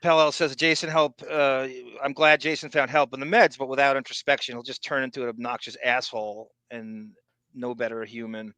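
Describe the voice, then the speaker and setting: A man's voice: mid-range voice, little pitch movement, normal speed, bright, forceful tone, clear, resonant tone, dry recording, rough recording. A man co-hosting a podcast in casual chat, rambling and reading out listener comments. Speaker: podcast co-host.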